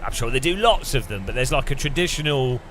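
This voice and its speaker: A man's voice: mid-range voice, animated, quick pace, a bit bright, slight background noise. A man chatting casually on stream while sim racing, rambling and joking at his own expense. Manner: rambling, jokey, self-mocking.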